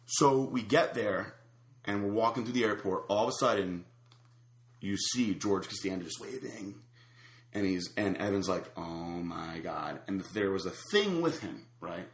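A man's voice: fairly low pitch, moderate pace, echoey room. A man telling a long rambling story in casual chat, full of fillers and restarts. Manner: rambling, animated anecdote with many fillers.

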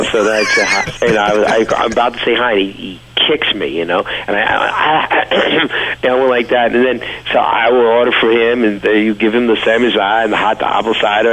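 A man's voice: lowish voice, a bit bright, low-quality recording. A man with a New York accent, a guest telling stories in a casual interview. He rambles with fillers and restarts.

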